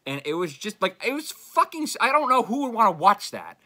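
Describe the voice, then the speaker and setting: A man's voice: high voice, big pitch swings, brisk, pushed and bright. A young man, rambling casually and frustratedly about his own videos, full of fillers and swearing. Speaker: YouTuber. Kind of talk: unscripted rambling monologue.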